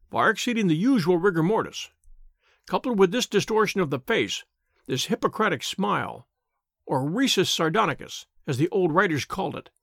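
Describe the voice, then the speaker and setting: A man voicing a calm, precise male detective who speaks quietly and dryly. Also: sits high, gravelly, dry recording, clean studio sound, full character voice.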